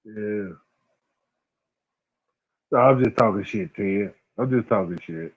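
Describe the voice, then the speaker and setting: A man in his forties with a lowish voice hosts a casual livestream at a slow pace, reading chat and greeting viewers by name. He's slangy and laid-back and laughs often, and the audio has a phone-like, lo-fi quality.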